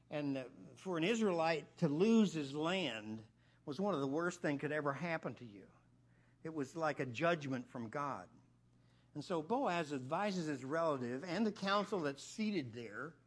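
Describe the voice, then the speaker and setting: A male preacher teaching through a Bible passage, his voice sitting a little high for a man. He speaks in an animated way, repeating words as he builds emphasis.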